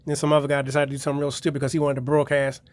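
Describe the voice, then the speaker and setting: A man's voice: mid-range voice, monotone, rapid-fire, dry recording. A man casually reviewing his DVD collection, rambling and swearing as he retells episodes.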